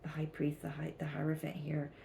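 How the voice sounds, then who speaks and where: A woman giving a channeled tarot reading, talking gently and haltingly with many restarts. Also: deep voice, monotone, gravelly, a little hiss or hum. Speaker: tarot reader.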